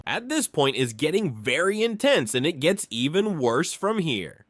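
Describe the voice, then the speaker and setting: A man's voice: fairly high pitch, very animated, moderate pace, fairly bright tone. A man narrating a clip compilation in a matter-of-fact read, with intonation that rises and falls. Faint noise sits under his voice. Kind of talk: scripted narration.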